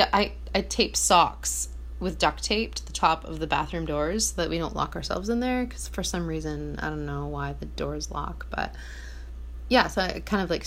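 A woman's voice: on the low side, a bit bright. Chatty woman musing in a rambling way. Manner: rambling, heavy on "like", self-correcting. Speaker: vlogger. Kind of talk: casual reflective monologue. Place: small apartment.

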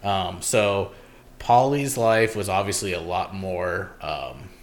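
A man's voice: low-pitched, slow. A young man hosting a podcast, chatting loosely and rambling, swearing often. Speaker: podcast host. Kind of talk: casual chat.

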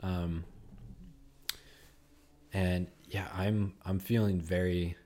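Brief: relaxed guy, lowish voice, rambling podcast chatter. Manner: laid-back, rambling, drawn-out filler words. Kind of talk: casual chat.

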